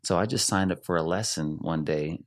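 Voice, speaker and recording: A middle-aged man from Arizona, a rock singer, telling animated stories in a casual interview and laughing often. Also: sits low, a little fast.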